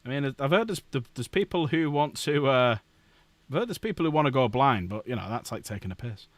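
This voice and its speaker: A man's voice: mid-range voice, animated, a little fast, no room sound. A man hosting a casual live stream at his desk, joking, swearing and laughing often. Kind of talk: casual live-stream chat while building models.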